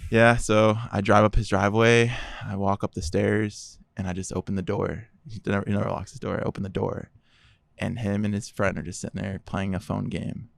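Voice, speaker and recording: A man, a podcast guest, telling his personal testimony in an animated way, acting out the dialogue. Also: on the low side, brisk, vocal fry, no echo. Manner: animated, acts out quoted dialogue.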